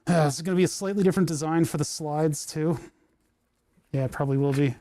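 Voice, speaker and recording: A man's voice: a little high, fast talker, dark tone, slight background noise. A man chatting casually while tinkering in his workshop, rambling and self-amused, recorded on a lapel microphone. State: hiccuping. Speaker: maker streaming a workshop project. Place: indoor workshop.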